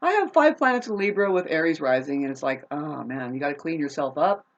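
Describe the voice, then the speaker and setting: A woman ranting to camera in a profane, rambling, confrontational way, swinging between loud outbursts and low muttering. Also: lively intonation, a little fast, muffled recording. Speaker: vlogger. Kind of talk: unscripted rant to camera.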